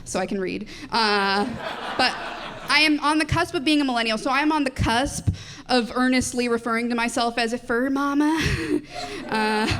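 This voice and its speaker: A young woman comedian in her twenties works a club crowd into a handheld mic, and her voice sits high and bright. She rattles through her material in a self-deprecating way, breaking into little laughs and tossing questions to the audience. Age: 20s. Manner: quick, self-deprecating, giggly delivery with audience crowd work. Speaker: stand-up comedian. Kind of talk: live stand-up set.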